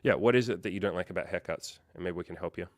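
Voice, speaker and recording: A man's voice: sits low, rapid-fire, no echo, studio quality. A man hosting a coaching livestream, talking casually and candidly with plenty of swearing and rambling fillers as he reads chat and tells stories. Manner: candid, profane, rambling storyteller with lots of fillers.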